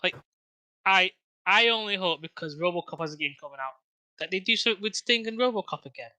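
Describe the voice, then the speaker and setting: A wrestling podcast co-host speaks quickly in a high-pitched, sharp, expressive voice. He's casual and rambling, often restarting his sentences, with plenty of fillers and frequent swearing.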